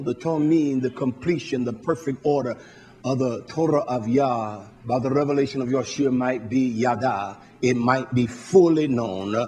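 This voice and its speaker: A man preaching a sermon, fervent and blunt, swinging from quiet asides to shouted peaks. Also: mid-range voice.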